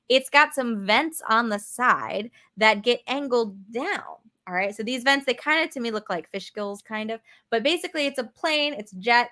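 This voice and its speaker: A woman's voice: fairly high pitch, pushed and bright. A young woman leading a live virtual museum tour, chatty and upbeat, answering viewer comments as she goes. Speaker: museum educator. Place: aircraft museum hangar.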